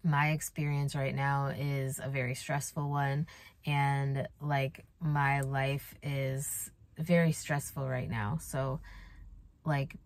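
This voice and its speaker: A woman's voice: rumbling low, flat delivery, takes it slowly, no room sound. A young woman vlogging casually and confessionally, talking in a worried, rambling way with many fillers and restarts.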